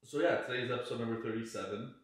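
A man's voice: mid-range voice, racing. A man co-hosting a podcast, chatting casually in a crude, rambling way full of swearing and fillers. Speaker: podcast co-host. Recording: very roomy, echoey room.

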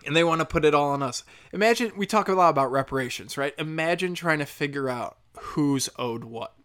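A speaker in a profane comedic rant, sarcastic, swinging loud and high then low and muttered. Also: a little fast. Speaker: solo commentator.

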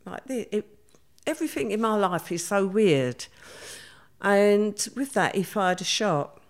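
A middle-aged woman, telling a past event in a vivid, hurried way and quoting others as she goes. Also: mid-range voice, lively intonation. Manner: vivid, hurried retelling with many quoted voices. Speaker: interviewee. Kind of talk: conversational storytelling.

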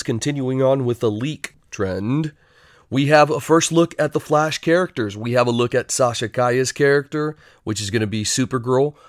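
An upbeat man hosting his own podcast, chatting casually with playful asides. His pitch sits in the middle range. The sound is dry and close, with no room echo. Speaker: podcast host.

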